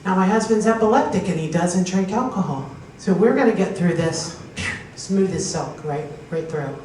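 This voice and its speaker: A woman's voice: lowish voice, expressive, normal speed, a little mellow. A woman from Pennsylvania doing a stand-up comedy set, telling stories and acting out the voices of the people in them. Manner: storytelling, acting out quoted voices, laughing at her own punchlines. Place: live comedy show with an audience. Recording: echoey hall recorded from far off with faint noise.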